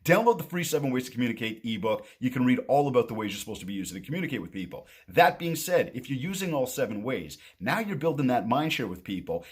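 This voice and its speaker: A man who coaches on marketing, telling a story to camera in a casual, animated way and acting out both sides of a conversation. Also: mid-range voice, slightly rough.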